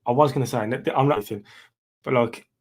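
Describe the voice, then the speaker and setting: A man's voice: mid-range voice, steady tone, moderate pace, a little mellow. A British man, a musician guest, chatting casually and matter-of-factly over a video call. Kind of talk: casual chat.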